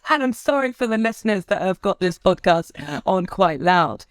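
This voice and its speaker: A woman from the UK, a speaker trainer talking as a podcast guest, expressive and swinging widely in tone and loudness. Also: mid-range voice, moderate pace, smooth, no room sound, clean studio sound. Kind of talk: podcast interview.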